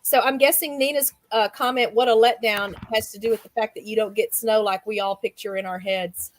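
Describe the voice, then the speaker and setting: A bubbly American woman hosts a casual chat over a video call, quick to react and often giggling. Her voice sits a little high. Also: fairly even intonation. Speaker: show host.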